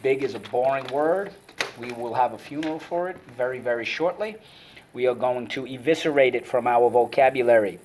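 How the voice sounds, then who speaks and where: A man teaching a vocabulary lesson, energetic and enthusiastic, leading call-and-response drills and chanting words syllable by syllable. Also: mid-range voice, a little fast, slight background noise.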